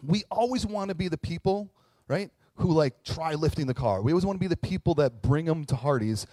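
A man's voice: on the high side, a little fast, no echo. A man in his thirties, a pastor telling a story in a sermon, joking and talking straight to the audience. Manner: animated, jokey, talks to the audience.

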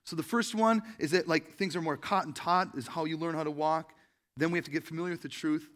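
A man's voice: steady tone, a little fast, a bit bright. A man giving a conversational sermon, full of fillers and rhetorical "right?" questions, sometimes acting out quoted voices. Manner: acts out quoted voices with big jumps in pitch and volume. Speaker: pastor.

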